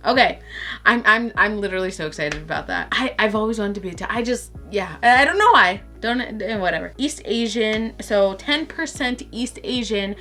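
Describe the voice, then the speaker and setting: A woman from Brazil chatting excitedly to camera as a vlogger and stumbling over words. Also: mid-range voice, normal speed, soft background music. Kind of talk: casual chat to camera.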